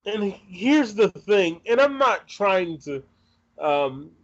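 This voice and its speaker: Thirtysomething guy gushing as interviewer, high voice, bit muffled. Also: sing-song, takes it slowly. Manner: eager, gushing, outspoken. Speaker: interviewer and channel host. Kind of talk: enthusiastic fan interview.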